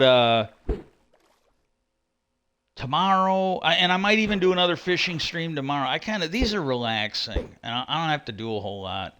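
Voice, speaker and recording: A man's voice: fairly high pitch, pushed and bright. A man streaming a game, telling a long profane story in a rambling way, reenacting old arguments. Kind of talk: casual storytelling while gaming.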